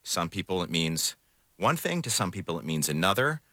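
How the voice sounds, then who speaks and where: Low, bright-voiced male radio host. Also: big pitch swings, no echo, studio quality. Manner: earnest, questioning, some halting restarts. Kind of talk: studio news discussion. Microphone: studio microphone.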